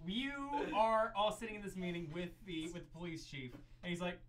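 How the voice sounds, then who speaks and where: A man's voice: sits high, fairly quick, few pauses, fairly bright tone, recorded from a distance. A man acting as game master in a casual tabletop session with friends, loose and laughing, often repeating himself as he narrates.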